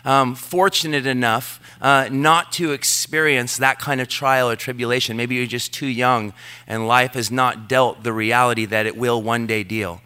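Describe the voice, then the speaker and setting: A middle-aged male pastor delivers a sermon in a bright, crisp, clear voice. He is earnest and tells personal stories with self-deprecating asides. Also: mid-range voice, steady tone, normal speed.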